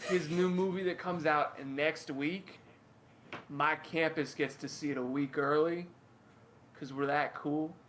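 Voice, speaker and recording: A man's voice: on the high side, fairly even intonation, a little slow, a bit bright, a little hiss or hum. Young male student co-host, upbeat, playfully boastful, casual. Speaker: podcast co-host. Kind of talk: casual chat.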